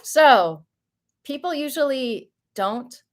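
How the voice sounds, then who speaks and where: A woman's voice: high voice, expressive, slow pace. A young American woman with a light Southern accent, chatting casually and laughing often as she answers viewer questions on a livestream. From United States. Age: young adult.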